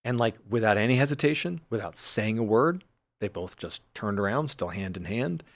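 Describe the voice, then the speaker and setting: Sex: male. Role: storyteller guest. Style: casual storytelling. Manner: relaxed, filler-heavy. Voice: lowish pitch, dry and close. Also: moderate pace, dry recording.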